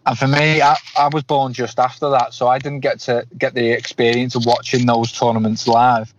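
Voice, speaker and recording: Male podcast host, 30s, rambling questioner with many restarts; middle pitch, muffled lo-fi sound. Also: flat delivery, normal speed, slight background noise. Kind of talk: interview questions. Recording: dull lo-fi podcast audio.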